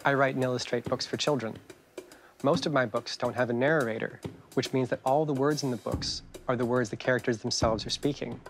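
Gentle man reading to children. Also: medium pitch, steady tone, fairly quick, music in the background. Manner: gentle, chatty, explains and asks kids questions. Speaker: children's author reading his book.

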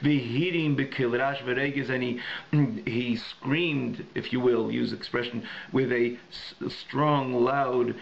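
Gravelly rabbi teaching a class. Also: male voice, medium pitch, fairly even intonation, muffled recording. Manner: weaves Hebrew and Yiddish terms into English, restating each phrase several ways; thinking aloud with frequent restarts and searching pauses. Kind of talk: recorded adult education class. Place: synagogue classroom.

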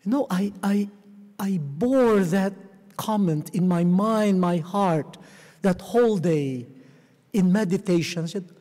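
Gentle high-voiced preacher in a theatre. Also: male voice. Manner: gentle, slow storytelling with soft chuckles. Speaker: cardinal. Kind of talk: homily-style talk to a live audience. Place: large theatre. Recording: long reverb of a large theatre.

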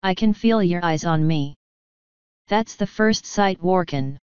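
Woman as old voiced clan mother, stern, slow, dull lo-fi sound. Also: lowish voice, darkish tone, clean tone, dry recording, lightly acted. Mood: commanding. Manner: slow, commanding, canny. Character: ancient tiny Scottish-voiced fairy clan mother, stern.

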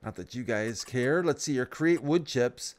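A man's voice: medium pitch, animated, measured pace. A man hosting a let's play, rambling casually about his life while thinking aloud through the game. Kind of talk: casual gameplay commentary. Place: at home, near the Great Lakes.

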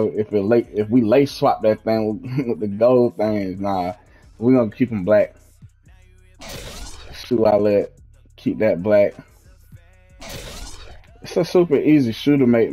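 Young male gaming host, low mellow slangy delivery, faint music underneath. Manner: laid-back slangy, trails off while thinking. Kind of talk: casual gameplay walkthrough. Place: at home, in his fiancée's house.

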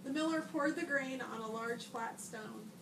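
Woman librarian reading a children's storybook aloud, high voice, expressive, a bit off-mic in an echoey room with noise behind. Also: unhurried, far from the mic. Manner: expressive storybook reading, bright shouts for the boy's lines. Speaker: school librarian.

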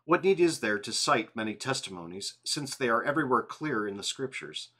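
A tired man reading a church confession aloud in an evening devotional, steady and plain. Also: mid-range voice, fairly quick, husky. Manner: reads steadily, apologizes and laughs at slips. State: yawning, tired.

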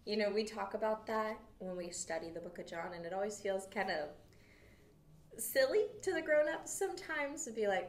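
A woman leads a children's Bible lesson, telling the story with lively, animated expression. Her voice rings in an echoey room, picked up from a distance. Her pitch sits in the middle range. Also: measured pace. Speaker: children's ministry teacher.

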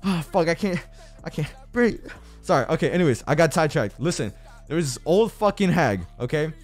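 A young man streams and talks to his chat in an erratic way, lurching from shouted rants to mumbled asides. His voice sits a little high and jumps all over the place, with faint music playing underneath. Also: expressive, a little fast. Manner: erratic, swings between yelling rants and mumbling. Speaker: livestreamer. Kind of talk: casual livestream chat.

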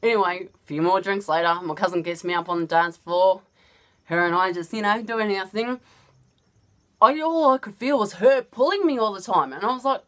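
Aussie woman telling a yarn, chatty, laughs a lot, mid-pitch voice. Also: moderate pace, a bit bright. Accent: Australian. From Australia. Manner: chatty, laughs often while telling the story. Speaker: vlogger. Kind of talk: casual anecdote telling.

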